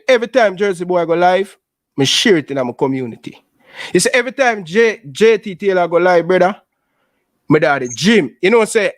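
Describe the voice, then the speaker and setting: A man with a high voice, recorded dry, hosts a YouTube show in a Jamaican accent. Aggrieved, he vents in heated casual conversation and keeps coming back to the word "brother."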